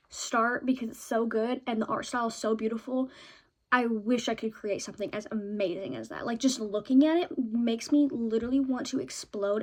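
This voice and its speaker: Her favorite books and shows are the topic as a young woman, voice on the high side, vlogs in an eager, talkative way, tacking "okay?" onto many of her points.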